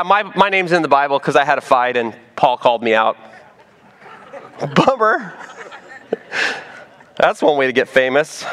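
A man preaching a sermon as pastor, animated and playful, dropping to soft emphasis on key points. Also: a little high.

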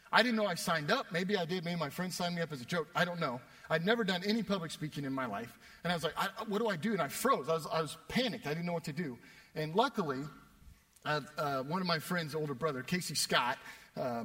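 A young man preaching a sermon, telling a self-deprecating story with animated delivery. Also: a little high. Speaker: pastor. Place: church worship space. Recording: long reverb of a church hall.

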